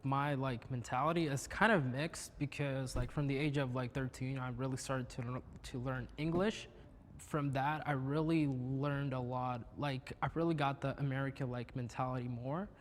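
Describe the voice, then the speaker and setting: A man from Ukraine on a discussion panel, speaking English in a relaxed way full of fillers. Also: mid-range voice, moderate pace. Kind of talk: casual discussion. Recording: reverberant room with faint noise.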